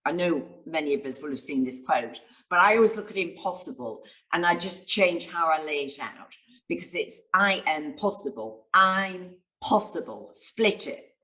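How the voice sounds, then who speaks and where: Female success coach, low register, enthusiastic storyteller. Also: animated, moderate pace, a bit bright, rough recording. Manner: enthusiastic, storytelling, acts out quotes. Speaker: guest speaker and success coach. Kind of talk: interview answers.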